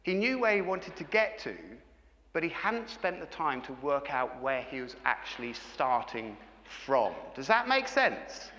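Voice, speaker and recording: A man's voice: fairly high pitch, very animated, unhurried, sharp tone, long reverb tail, dull audio, slight background noise. A middle-aged man preaching a sermon, engaging his congregation with frequent questions. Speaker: pastor.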